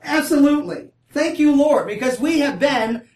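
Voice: sits high, lively intonation, normal speed, darkish tone. A Bible study teacher who reads scripture aloud, then breaks off to explain in a casual way and keeps checking in with the group. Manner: often checks in with listeners. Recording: roomy, distant mic.

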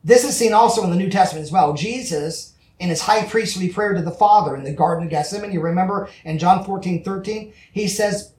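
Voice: medium pitch, lively intonation, normal speed, far from the mic. Earnest pastor preaching in an echoey church. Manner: earnest, emphatic, chats back with congregation. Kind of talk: conversational sermon.

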